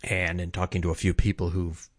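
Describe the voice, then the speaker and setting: A man's voice: deep voice, completely flat delivery, fairly quick, no echo, studio quality. A man giving a casual opinion monologue, rambling and often correcting himself as he talks. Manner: rambling, self-correcting, conversational. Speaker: commentator.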